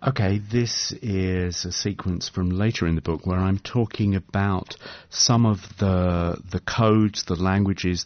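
A man's voice: low voice, no room sound. A male author being interviewed on the radio, speaking thoughtfully and articulately with some fillers and restarts. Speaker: author guest. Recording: dull lo-fi radio broadcast.

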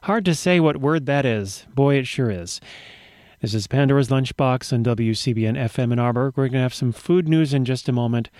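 A man's voice: mid-range voice, fairly quick, hardly any pauses, a little mellow, dry recording. A man hosting a radio show, talking in a wry, rambling way with dry humor. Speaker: radio host. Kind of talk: casual radio chat.

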